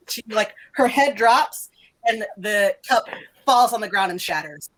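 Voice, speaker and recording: A woman acting as game master narrates a tabletop game loosely and conversationally, rambling, packing her sentences with "like," and breaking into laughter. Her mid-range voice is a bit bright, her intonation lively, and her pace a little slow.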